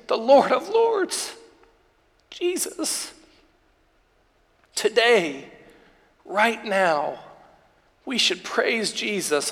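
A man with a very high voice preaches a sermon, stacking repeated phrases and drawing out the words he wants to land. His voice rings out with a long reverb, as if he were in a big hall. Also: fairly bright tone. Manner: builds up with repetition, slows for emphasis. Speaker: pastor. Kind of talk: online sermon.

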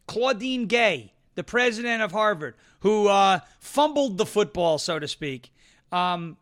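Male live-stream host: high, bright, brash, mocking, restless topic-hopper. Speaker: show host. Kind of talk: live political commentary stream.

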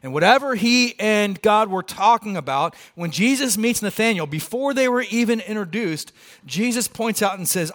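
A man's voice: high voice, moderate pace. A male pastor preaching a sermon in a casual, conversational way, acting out the people in the story. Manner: conversational, acts out quoted lines with lively voices.

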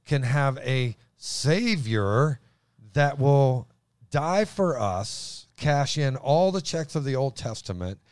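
An excitable man teaching the Bible in a casual chat, his voice booming as he stumbles over restarts. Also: takes it slowly, dry recording, clean studio sound.

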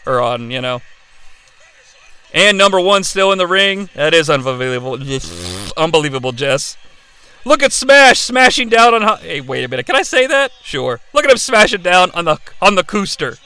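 Excitable high-voiced man calling wrestling. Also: normal speed, clear, resonant tone. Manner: excitable, profane, yelling play-by-play. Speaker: host. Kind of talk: live watch-along wrestling commentary.

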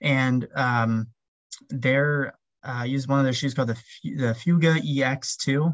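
A man of ordinary pitch talks casually as a podcast guest, rambling and filling his sentences with "um" and "like." The sound is a little dull and muffled, with a dry, close feel. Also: fairly even intonation, measured pace, dry recording. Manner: rambling, heavy with fillers like "um" and "like". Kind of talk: casual interview chat.

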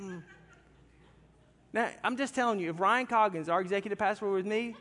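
A man's voice: high voice, animated, brisk, fairly bright tone. A pastor telling a humorous story in a sermon, talking animatedly and directly with his congregation in a church sanctuary. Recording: long hall reverb from a large church.

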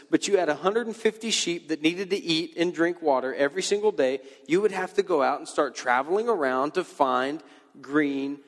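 Man preaching casually in a reverberant hall. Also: fairly high pitch. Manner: conversational, animated preaching with filler words. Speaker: pastor. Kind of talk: sermon to a youth audience.

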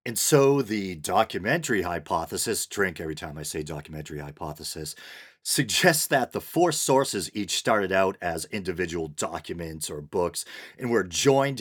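A man with a New England accent hosting a solo podcast, talking in a wry, self-deprecating way with chuckles and "uh"s. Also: low voice. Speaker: podcast host. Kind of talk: casual solo podcast monologue.

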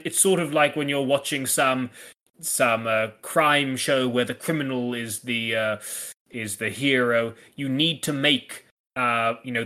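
Bright-voiced, thoughtful male podcaster. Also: medium pitch. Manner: thoughtful, hesitant, with frequent restarts. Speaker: podcast co-host. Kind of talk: casual analytical discussion.

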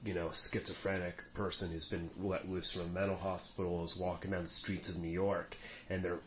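A man's voice: low-pitched, level tone, brisk, fairly bright tone. A middle-aged man chatting casually on a podcast, telling a rambling story full of fillers. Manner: rambling anecdotes with many fillers. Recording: roomy mic sound, faint room noise.

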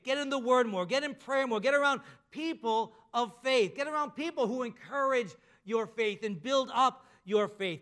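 Male pastor, high bright voice, emphatic sermon delivery with drawn-out endings.

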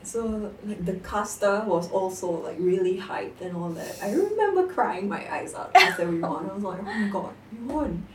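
A young woman in casual conversation, telling an animated story about competitive gaming and laughing often. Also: medium pitch, moderate pace, hardly any pauses, a crowd in the background. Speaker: guest. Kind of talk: casual chat. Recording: echoey room, distant mic, faint noise.

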